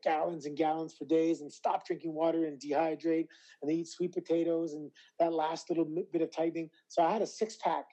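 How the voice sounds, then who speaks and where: A Canadian man in his forties, a retired wrestler, telling animated stories as an interview guest. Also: fairly high pitch, lo-fi sound. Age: 40s. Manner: animated storyteller, acts out quoted voices. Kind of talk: casual interview.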